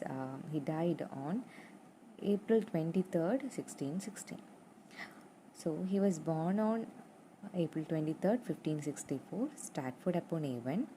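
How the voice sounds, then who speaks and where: A young woman teaching a literature lesson, going over points slowly and repeating them with fillers. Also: sits low, dark tone, a little hiss or hum, low-quality recording. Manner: slow and repetitive, spelling out points with fillers.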